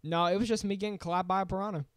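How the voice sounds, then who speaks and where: A young man co-hosting a podcast, chatting excitedly about video games and laughing often. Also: high-pitched, rapid-fire, clear, resonant tone, dry recording, studio quality. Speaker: podcast co-host. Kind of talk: casual gaming chat.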